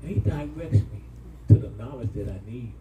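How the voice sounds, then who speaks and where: A middle-aged man pastor, preaching an animated sermon with call-and-response to his congregation. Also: medium pitch, normal speed, far from the mic, phone-quality sound, slight background noise. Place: church hall. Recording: echoey church room, mic from afar, congregation.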